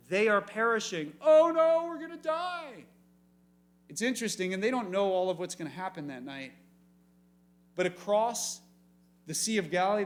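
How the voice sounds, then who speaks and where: Youth pastor guy, fairly high voice, animated, keeps asking the kids questions. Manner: animated, talks straight to the teens. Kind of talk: youth sermon. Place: room full of young people.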